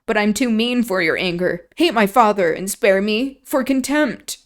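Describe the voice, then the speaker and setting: A woman's voice: mid-range voice, moderate pace, natural voice. A woman putting on a frail, sobbing teenage boy. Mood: self-pitying. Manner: pleading, breathless and tearful. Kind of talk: novel read aloud on a stream.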